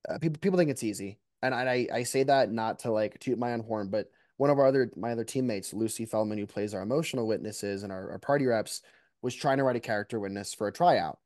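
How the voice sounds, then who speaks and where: Mellow-voiced man talking shop. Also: on the low side, quick pace, no echo, studio quality. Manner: reflective, animated, many restarts. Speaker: mock trial competitor. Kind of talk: casual interview talk.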